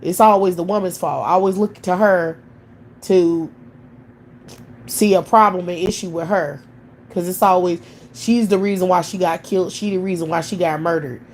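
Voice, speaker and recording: A woman's voice: on the low side, steady tone, normal speed, slight background noise. Blunt, scolding woman ranting live. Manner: blunt, profane, scolding, full of rhetorical questions. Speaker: livestream host.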